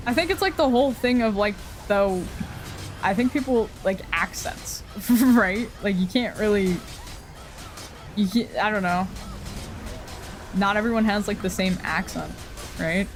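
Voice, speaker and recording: A woman's voice: mid-range voice, unhurried, pauses often, faint music behind. A woman chatting casually while streaming a game, rambling, swearing freely and laughing often. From Canada. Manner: rambling, profane, frequent laughs.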